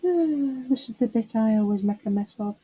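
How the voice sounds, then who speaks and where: A woman's voice: on the high side, lively intonation, normal speed, warm tone, slightly rough, low-quality recording. A middle-aged woman chatting casually to camera while doing a resin craft, muttering to herself and teasing herself about her mess. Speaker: craft vlogger.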